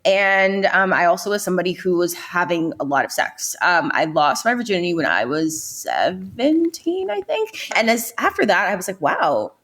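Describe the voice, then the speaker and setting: Chatty lively young New York woman. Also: on the low side, moderate pace, hardly any pauses. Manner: chatty, open, lively storyteller. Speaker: guest. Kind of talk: casual interview.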